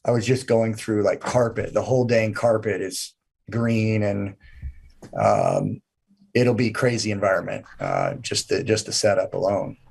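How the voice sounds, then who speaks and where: A man's voice: on the low side, expressive, a little slow, creaky, a little mellow. A man guesting on an interview, talking with enthusiasm in long run-on sentences. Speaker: event promoter guest. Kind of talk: casual interview chat.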